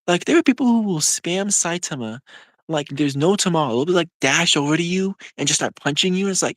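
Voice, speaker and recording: Young adult streamer, casual live chat, animated and rambling, dry room. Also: medium pitch, no echo. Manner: rambling, full of "like" and quick laughs.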